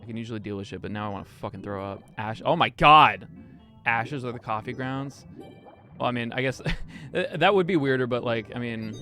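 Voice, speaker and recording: A man's voice: medium pitch, fairly quick. Rambling, profane young male streamer. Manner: rambling, profane, frequent fillers and laughs. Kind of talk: casual live-stream chat. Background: music playing underneath.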